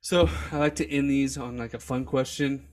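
A young dad hosting a podcast, relaxed and quick to laugh in casual interview chat. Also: male voice, medium pitch. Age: young adult. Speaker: podcast host.

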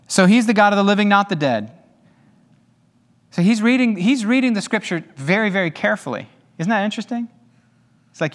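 Male pastor, high and very expressive voice, chatty preaching with jokes, reverberant hall. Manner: animated and conversational, with humorous asides. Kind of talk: sermon.

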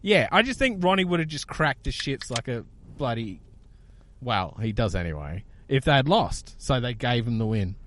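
A man's voice: medium pitch, moderate pace, a little hiss or hum. A man with an Australian accent co-hosting a podcast, joking and chatting loosely with plenty of fillers. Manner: animated, joking, full of fillers. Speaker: podcast co-host. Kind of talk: casual banter.

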